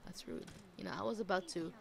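A woman's voice: lowish voice, fast, creaky. A young woman giving casual gameplay commentary, swearing freely and playfully scolding the characters on screen. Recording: loud background noise.

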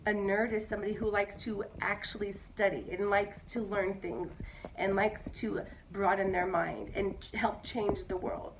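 Chatty hoarse mom talking to camera. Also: female voice, mid-range voice, little pitch movement, moderate pace, background noise. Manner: chatty, emphatic, repeats herself. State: hoarse from bronchitis. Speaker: mother vlogging. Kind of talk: casual monologue to camera.

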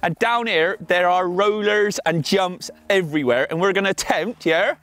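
A man's voice: sits high, moderate pace, a bit bright, dry recording. A man putting on a Somerset West Country accent to play a cheeky yokel on outdoor jump trails, tagging on "innit" and "my lover". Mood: jokey. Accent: put-on Somerset West Country. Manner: jokey, tags on innit and my lover.

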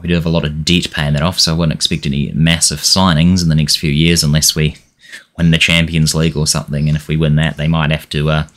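Young male game streamer, low voice, narrates matches and loses his temper at the team. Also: level tone, quick pace. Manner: frustrated, swearing, shouting at his players. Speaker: gaming channel host. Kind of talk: let's-play commentary.

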